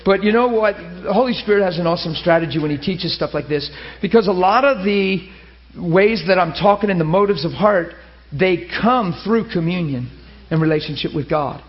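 A man preaching a sermon in an animated storytelling way, laughing through funny asides. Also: high-pitched, normal speed, highs cut off. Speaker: pastor.

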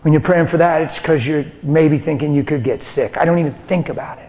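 A middle-aged male preacher gives a passionate testimony sermon. His voice sits slightly high, and he moves between soft, near-whispered lines and loud, fervent outbursts. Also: fairly quick. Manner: passionate, swings from hushed to loud.

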